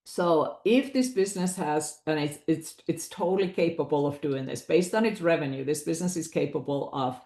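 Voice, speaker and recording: A woman's voice: deep voice, brisk, few pauses, warm tone, roomy sound. A woman presenting a business valuation webinar, explaining figures in a conversational way with asides to her audience.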